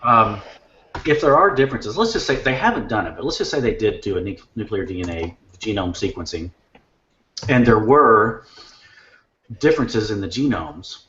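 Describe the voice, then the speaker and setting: A man calling into an online debate makes his case at length, in a measured way. His voice sits fairly low. The audio is dull and echoey, with a faint hiss behind it. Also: lively intonation, fairly bright tone. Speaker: debate guest. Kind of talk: casual debate chat.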